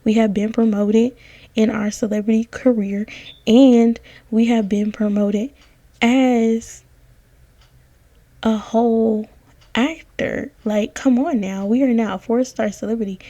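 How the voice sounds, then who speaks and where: Sassy, gravelly young woman narrating gameplay. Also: fairly high pitch, steady tone, slow pace, mellow, no echo, dull audio. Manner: sassy, slangy, dramatic, addresses viewers as y'all. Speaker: gaming content creator. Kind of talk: casual gameplay voiceover commentary. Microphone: close voiceover mic.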